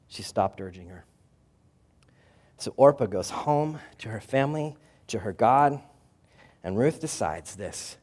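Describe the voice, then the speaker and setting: Man preaching with dramatic swings. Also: mid-range voice. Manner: dramatic storytelling, swinging between loud and soft. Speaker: pastor. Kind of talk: sermon.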